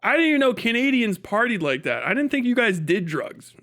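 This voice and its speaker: A man's voice: very high voice, big pitch swings, brisk, a bit bright. An American man ranting crudely and jokingly on a casual live stream. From United States.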